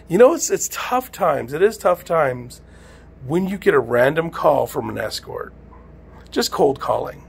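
A man's voice: sits high, creaky, breathy edge. A man doing a rambling, profane stand-up rant. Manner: profane, rambling, exasperated ranting. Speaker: amateur comedian.

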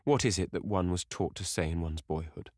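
Man plays a horrified middle-aged male painter, shrill exclamations, close and dry. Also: a little fast, a little mellow, no room sound. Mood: pleading.

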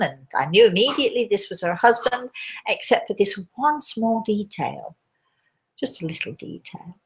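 A woman who is a host and spirit medium runs a live talk, telling stories and answering viewers' questions conversationally. Her medium-pitched voice has lively intonation and a normal pace, but she hesitates often, with many restarts and fillers.

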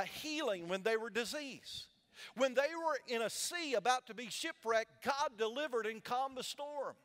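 A male pastor with a high, somewhat bright voice preaches in a large church that has a balcony, and the hall gives a long reverb. He works in call-and-response, asking questions for the congregation to answer back.

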